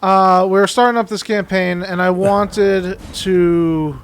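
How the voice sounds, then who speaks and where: A man's voice: high voice, steady tone, slow, smooth. A man hosting a gaming channel, chatting casually and laughing often as he rambles through a story. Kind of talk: casual chat while gaming.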